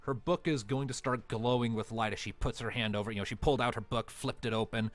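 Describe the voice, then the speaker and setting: Man, game master, tabletop narration, loose hedging phrasing, middling pitch, faint music behind. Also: fairly even intonation, quick pace.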